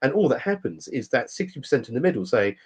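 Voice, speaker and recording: A man's voice: medium pitch, sing-song, quick pace, a little mellow, husky. A man co-hosting a casual podcast chat, talking through a point at length with plenty of ums and restarts. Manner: rambling, explanatory, many fillers. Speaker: podcast co-host.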